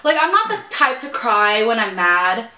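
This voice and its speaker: A young woman with a fairly high voice talks casually while she eats. She tells stories in a chatty way, acting out the quotes and laughing often. Her voice bounces around an echoey room. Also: sing-song, moderate pace, bright, forceful tone. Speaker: vlog host. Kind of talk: casual chat while eating.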